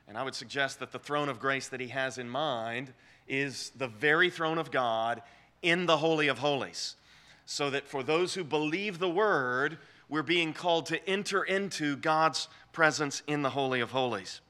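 A man giving a measured lecture on scripture, explaining the text step by step and often restarting his phrases. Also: medium pitch, pushed and bright. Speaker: Bible teacher.

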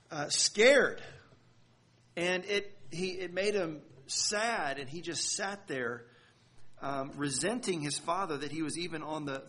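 A male pastor with a slightly higher-pitched voice delivers a sermon as a story. He talks earnestly, stumbling over and repeating words, and leans on dramatic pauses. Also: fairly bright tone.

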